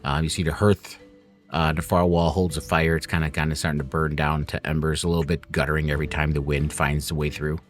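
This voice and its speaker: A man's voice: very deep voice, level tone, brisk, soft background music. A man narrating scenes as game master in a tabletop game, descriptive with frequent fillers.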